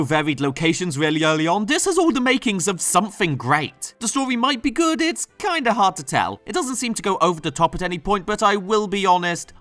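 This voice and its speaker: A man's voice: fairly high pitch, bright, forceful tone. A man reading a scripted comedic game review with a sarcastic, snarky manner.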